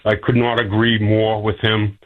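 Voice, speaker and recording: A man calling into a radio show, speaking earnestly and emphatically with some halting fillers. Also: lowish voice, completely flat delivery. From North Shore area. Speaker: caller. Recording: tinny phone line.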